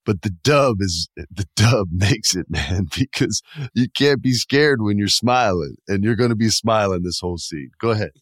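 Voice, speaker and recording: A man co-hosting a casual horror-film podcast, retelling scenes with lively energy and playing out the lines in exaggerated voices. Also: fairly low pitch, moderate pace, no echo, studio quality. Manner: animated storyteller, acts out movie lines in exaggerated voices. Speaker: podcast co-host. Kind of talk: casual chat.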